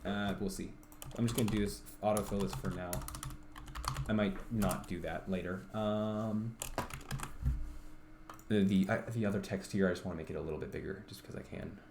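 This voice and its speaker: Brief: man, lowish voice, game dev streamer muttering to himself, faint typing behind. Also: fairly even intonation, normal speed, pauses often, noisy background. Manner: rambling, self-talking, full of ums and restarts. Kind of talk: livestream thinking aloud while coding.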